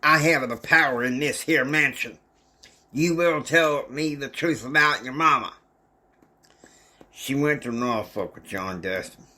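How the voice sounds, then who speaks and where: A man acting out a domineering older father who speaks in a low, gruff, threatening voice. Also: measured pace, pushed and bright.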